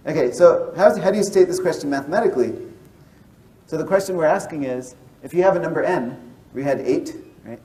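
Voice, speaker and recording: A man's voice: on the high side, lively intonation, fairly quick, warm tone, far from the mic, poor audio. A man who is a mathematician explaining ideas step by step, often checking in with his listeners. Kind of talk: explanatory lecture and interview.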